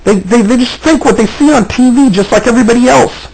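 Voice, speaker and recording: A man's voice: very high voice, quick pace, creaky, a little mellow, husky, poor audio. A man talking agitatedly to camera, repeating himself and restarting often. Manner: agitated, repetitive, frequent restarts. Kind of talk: agitated personal video monologue.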